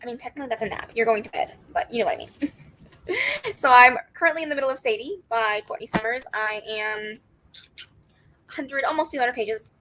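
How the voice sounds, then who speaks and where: A woman's voice: on the high side, a little fast, pauses often, pushed and bright, rough recording. A woman hosting a casual book livestream, chatty and upbeat, greeting viewers and answering their comments. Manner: upbeat with frequent laughs and squeals. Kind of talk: casual live-stream chat.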